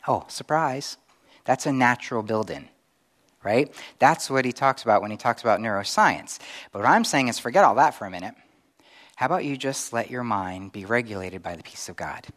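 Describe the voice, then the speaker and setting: A middle-aged male pastor preaching a conversational sermon with animated acted-out asides. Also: lowish voice, brisk.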